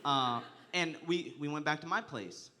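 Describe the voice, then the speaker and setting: Young man, stand-up comic, crude profane storytelling, fairly high bright voice. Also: a little slow. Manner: crude, profane storytelling, often laughing through lines. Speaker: stand-up comedian. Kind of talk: stand-up comedy set.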